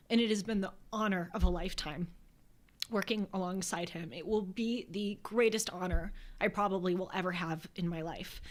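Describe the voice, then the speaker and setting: A young woman, the show's host, giving a heartfelt, tearful farewell in a soft voice. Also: mid-range voice. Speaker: podcast host. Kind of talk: emotional farewell address.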